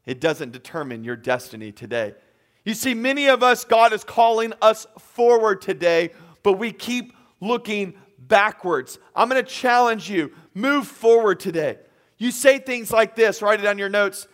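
A man with a high voice preaches a sermon from an empty auditorium. He drives each point home through repetition and acted-out quotes, and his delivery is emphatic throughout. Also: animated, moderate pace, fairly bright tone. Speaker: pastor.

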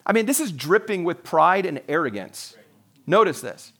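A man's voice: high voice, very animated, moderate pace, a bit bright. A man in his forties, a pastor, preaching a sermon in an earnest, conversational way with frequent restarts.

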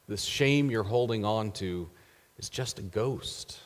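A man preaching a sermon as pastor, earnest and measured, letting his phrase endings trail off softly. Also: fairly low pitch, long reverb tail.

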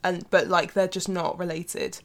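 A woman's voice: fairly low pitch, little pitch movement, normal speed. A woman co-hosting a casual film chat, wry and chatty, often acting out lines from scenes. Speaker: podcast co-host.

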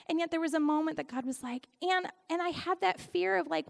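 A middle-aged woman giving a conversational sermon, telling stories in an animated way with frequent laughs. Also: extremely high pitch, brisk, creaky, hardly any pauses. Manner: animated storytelling, laughs often. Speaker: Christian speaker and worship leader.

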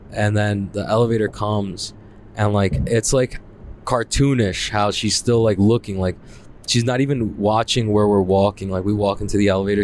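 A young man with a lowish voice recounts a creepy night in loose, rambling storytelling. He leans hard on fillers and swears freely, with a faint hiss of background noise behind him. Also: a little mellow. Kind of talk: casual spoken storytelling.

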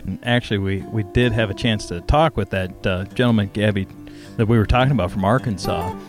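A man hosting a podcast, telling a story and interviewing people outdoors at a wilderness lake in a relaxed, brisk way. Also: lowish voice, faint music behind. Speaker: podcast host.

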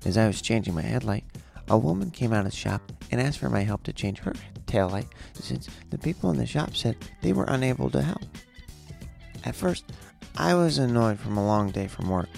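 A man's voice: medium pitch, expressive, moderate pace, vocal fry, a little mellow, voice pushed up. A man voicing an imagined male listener earnestly reading his own letter aloud, with faint guitar behind.

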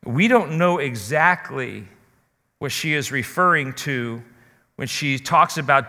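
A man's voice: mid-range voice, expressive, slow pace, sharp tone, in a large hall. A man preaching a sermon as pastor, talking earnestly and straight to his listeners. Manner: earnest, direct address to listeners.

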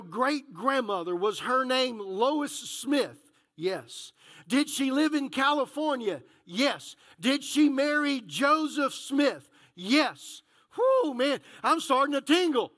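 A man pastor preaching a sermon, telling a story and acting out the dialogue with animated delivery. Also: very high voice, slow pace.

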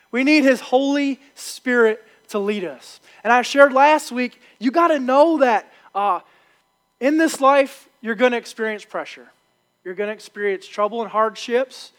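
A man's voice: very high voice, a little slow, a bit bright. A male pastor, preaching a sermon with emphatic repetition.

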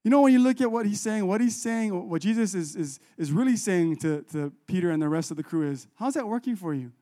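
A man preaches, his voice pitched high but mellow and warm. He talks to the congregation conversationally, jumping into voices for the people in the story. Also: fairly quick. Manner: conversational, animated, acts out biblical dialogue. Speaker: pastor. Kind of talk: sermon.

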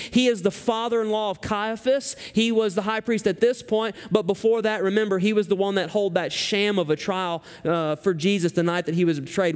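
High-voiced man preaching in a big hall. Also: fairly even intonation, a little fast, few pauses, clear, resonant tone. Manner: emphatic preaching, rises high when reading scripture. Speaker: pastor. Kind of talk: sermon.

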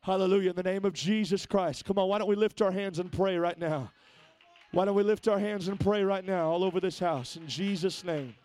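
A man's voice: high voice, fairly even intonation, fairly quick, a little mellow, soft background music. A man preaching a Pentecostal sermon in church, repeating words as he moves from conversational talk to fervent exhortation. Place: church sanctuary.

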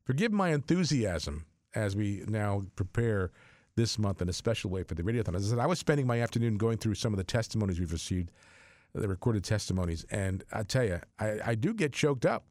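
A man hosting a Catholic radio show, making an earnest, excitable on-air fundraising appeal with frequent restarts. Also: lowish voice, fairly quick, no echo.

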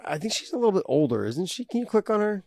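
A man's voice: high voice, sing-song, quick pace, a little mellow, no echo. A man hosting a podcast in casual chat, easygoing and rambling, swearing freely. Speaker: podcast host.

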